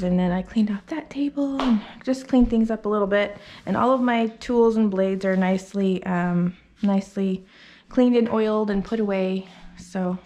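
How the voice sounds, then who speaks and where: A woman dog groomer talking casually as she works in her grooming salon, rambling with fillers and slipping into a soft sing-song voice to coax the dog. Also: medium pitch, slight background noise. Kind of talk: casual narration while working.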